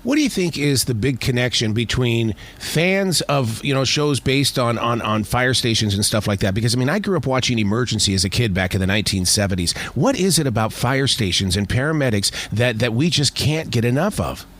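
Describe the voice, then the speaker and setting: Middle-aged man interviewing, halting and rambling. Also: mid-range voice, lively intonation, a bit bright. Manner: rambling questions with many restarts. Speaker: radio interviewer. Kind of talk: podcast interview.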